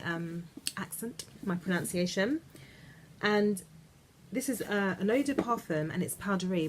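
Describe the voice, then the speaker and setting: Chatty woman talking to camera from bed, gushy, restarts a lot, bit of background hiss. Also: medium pitch. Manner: chatty, gushing, trailing off and restarting. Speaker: beauty vlogger. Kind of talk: casual chat to camera. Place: in bed at home.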